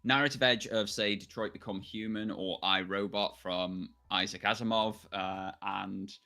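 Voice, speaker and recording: A man's voice: on the low side, steady tone, unhurried, gravelly, sharp tone, soft background music. A British man co-hosting a casual video game reaction chat, giving blunt, outspoken opinions. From United Kingdom. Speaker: co-host.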